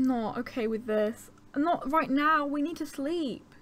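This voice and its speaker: A woman's voice: sits high, unhurried. Anxious, fretful woman narrating her gameplay. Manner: anxious, fretful, talks to herself while playing. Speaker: gaming channel host. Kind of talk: let's-play commentary.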